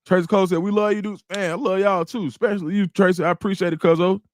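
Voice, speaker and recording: Lively Atlanta man chatting on a livestream. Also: high-pitched, fast, no room sound. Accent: Atlanta Black Southern English. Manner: animated, repeats words, slangy, reads chat aloud. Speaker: livestream host. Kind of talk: casual livestream chat, reading comments.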